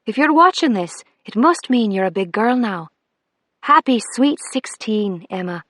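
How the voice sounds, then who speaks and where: Narrator's take on a loving Irish dad, tender, slow, dry close audiobook read. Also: female voice, on the high side, lively intonation, fairly bright tone, dry recording. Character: loving young Irish father on tape.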